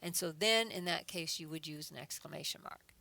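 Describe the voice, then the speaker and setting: In an online grammar lesson, a female adult education teacher with a low, gravelly voice and a sharp tone works through the material slowly. She's patient, explaining each step and reading example sentences aloud with emphasis.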